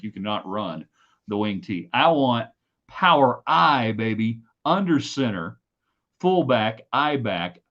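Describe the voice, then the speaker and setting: A middle-aged man hosting a casual live-stream chat from his home office, talking in an animated, emphatic and rambling way. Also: fairly low pitch, dull audio. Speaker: host.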